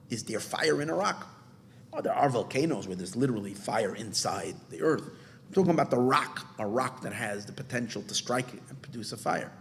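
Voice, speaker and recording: A man's voice: medium pitch, slight background noise. A man, a rabbi, teaching a Torah class in an earnest explaining manner, often restarting his phrases and mixing in Hebrew terms. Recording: long hall reverb.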